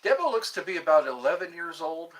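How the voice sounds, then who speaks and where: Playful, lively male livestream host. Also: fairly high pitch, brisk, soft background music. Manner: playful, chatty, reads viewer comments aloud. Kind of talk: casual live chat.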